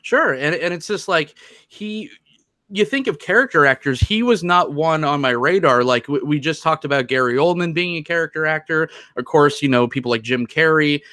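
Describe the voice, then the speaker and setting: A man's voice: on the high side, moderate pace, pushed and bright, no echo, studio quality. A man co-hosting a podcast in casual chat, rambling, restarting his sentences and joking as he goes. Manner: rambling, self-interrupting and joking. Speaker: podcast co-host.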